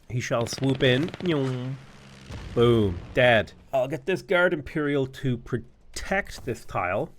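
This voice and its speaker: A young Irish man giving chatty, enthusiastic let's-play commentary, thinking aloud as he plays a strategy game. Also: mid-range voice. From Ireland. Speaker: gaming YouTuber.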